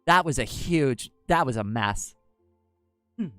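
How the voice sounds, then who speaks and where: A woman's voice: extremely low pitch, expressive, slow pace, dry recording, soft background music. Chatty androgynous-voiced woman streamer. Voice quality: androgynous-sounding voice. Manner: chatty, rambling, many fillers and restarts. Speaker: livestream host. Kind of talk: casual livestream chat, answering chat.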